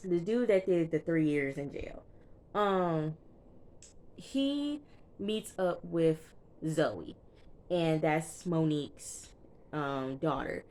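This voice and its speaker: A woman's voice: low-pitched, lively intonation, slow, darkish tone. A woman chatting casually through a TV episode recap, emphatic and full of fillers, talking straight to her viewers. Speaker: TV recap vlogger.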